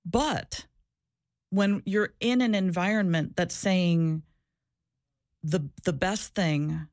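A woman's voice: fairly low pitch, takes it slowly, a little mellow, dry recording, studio quality. A woman who used to be a social worker, talking candidly in an interview, earnest and reflective, often restarting and repeating herself. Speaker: former social worker, guest.

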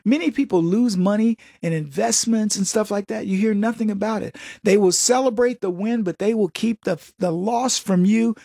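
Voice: mid-range voice, moderate pace, vocal fry, few pauses, dark tone, no echo, clean studio sound. A commentator giving a sarcastic opinion monologue, mocking people and acting out quotes.

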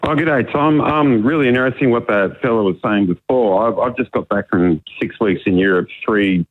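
A man raised in Australia but born in New Zealand rings in to a talk show and chats in a relaxed, easygoing way. His voice sits low and comes through a tinny phone line. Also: normal speed. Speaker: caller. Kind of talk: phone-in chat.

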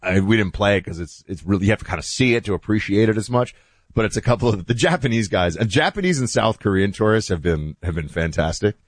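A man hosting a talk show, chatting in a loose, animated monologue with asides that trail off quietly. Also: lowish voice, fast talker, slightly rough, no echo. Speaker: host.

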